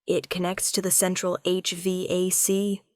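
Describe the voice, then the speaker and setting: A woman's voice: on the low side, monotone, unhurried, no room sound, natural voice. A woman plays a flustered male police officer who gets defensive under pressure. The voice is dry and close.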